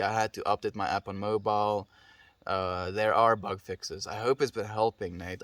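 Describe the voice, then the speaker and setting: A South African man chatting casually on a live stream, gently thanking viewers and answering their messages. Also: lowish voice, no room sound. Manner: gentle, affectionate, reads out and answers chat messages. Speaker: livestreamer.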